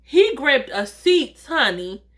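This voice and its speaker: A woman telling a personal story in a casual vlog, chatty and animated, acting out the dialogue and talking straight to her viewers. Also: sits high, takes it slowly. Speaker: vlogger, storyteller.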